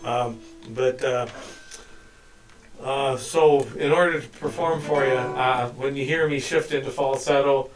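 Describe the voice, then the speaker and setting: A man talking as a guest songwriter in a music studio, hesitant and halting, with many restarts. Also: mid-range voice, steady tone, crowd noise. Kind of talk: casual studio chat. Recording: distant mic with guitar playing behind. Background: guitar.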